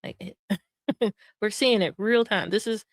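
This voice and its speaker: A woman's voice: medium pitch, measured pace, dry recording. Chatty woman streamer, dry close sound. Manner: chatty, laughs often, fillers of "like". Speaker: streamer reacting to clips. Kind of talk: casual commentary.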